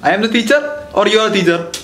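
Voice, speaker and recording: A man's voice: high-pitched, fairly bright tone, reverberant, soft background music. A man playing a bossy male English teacher with an Arabic accent in a comedy sketch, who insists he is right and scolds his students. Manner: insistent, scolding, spells words out slowly.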